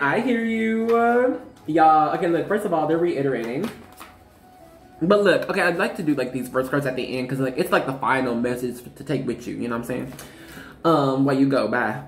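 Twenties female tarot reader, casual and playful, very animated pitch, roomy echo. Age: 20s. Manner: chatty, laughing, slangy. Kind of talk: casual tarot reading chat.

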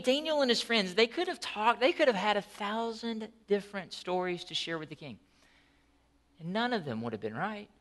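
Preaching a sermon as pastor, a man with a voice that sits high tells the story in an animated, conversational way, adding asides.

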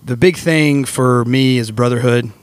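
A man, a football coach guest, telling animated stories in casual podcast chat. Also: mid-range voice, unhurried, clear, resonant tone. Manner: storytelling, animated, acts out quotes. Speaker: football defensive coordinator guest.

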